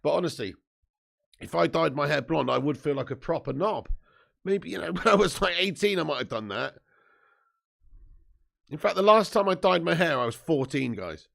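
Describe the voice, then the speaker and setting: A man's voice: fairly high pitch, animated, normal speed, vocal fry, long pauses, a bit bright. A man, just woken up and hosting a sweary, jokey live football watch-along, reading out viewer comments. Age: 30s. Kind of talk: casual live-stream chat and match commentary.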